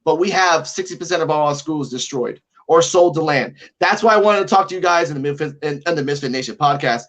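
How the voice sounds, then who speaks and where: A man's voice: on the high side, a bit bright. A man from Puerto Rico, co-hosting a podcast remotely, ranting with profanity in casual chat. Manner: profane, ranting, rapid-fire. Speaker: podcast co-host.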